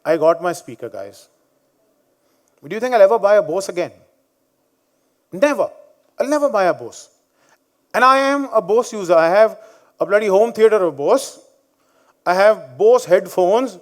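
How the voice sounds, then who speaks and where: A man's voice: high-pitched, animated, normal speed, long pauses. A man in his fifties with an Indian English accent, telling blunt, combative stories in a conference talk. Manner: blunt, combative, joking storyteller. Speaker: conference speaker. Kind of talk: conference talk with personal anecdotes. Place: conference venue before a live audience.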